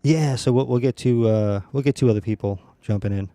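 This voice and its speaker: A man streaming a game, chatting casually with teammates in a relaxed, rambling way with many fillers. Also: medium pitch, a little fast, no room sound. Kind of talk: casual gaming chat.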